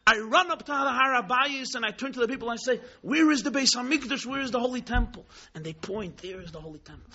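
A man telling a story in a sermon, dramatic, swinging between hushed tones and exclamations, mixing in Hebrew and Yiddish terms. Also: extremely high pitch, fast talker. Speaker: rabbi teaching Chassidus. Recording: dull lo-fi recording.

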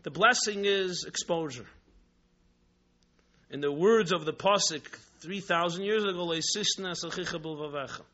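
A man teaches a religious class and tells stories with emphatic, rhetorical repetition. His voice is high and bright, and his delivery is animated. The recording sounds muffled and lo-fi. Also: unhurried, long pauses. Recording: dull lo-fi recording.

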